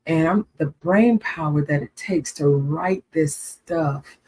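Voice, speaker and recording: A woman's voice: sits low, slow, darkish tone, breathy edge, low-quality recording. A woman co-hosting a casual livestream chat, earnest and repeating herself for emphasis. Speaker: co-host.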